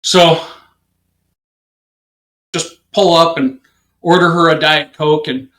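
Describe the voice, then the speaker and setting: A man, a police officer and interview guest, telling a story in a lively, conversational way and acting out the people in it. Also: a little high, slow, roomy sound, rough recording. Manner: conversational, peppered with "you know". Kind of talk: animated anecdote telling.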